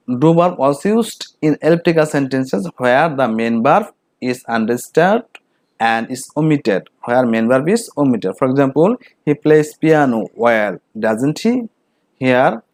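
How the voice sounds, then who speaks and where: A man with a Bengali accent teaches English grammar at a middling pitch. He reads each example out slowly and then repeats it. The recording is close and dry. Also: a little mellow, no room sound.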